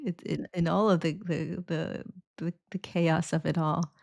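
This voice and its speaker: A woman talking as a podcast guest, animated and casual, acting out quoted voices, laughing often, with many restarts. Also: low-pitched, unhurried, vocal fry. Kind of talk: casual interview talk.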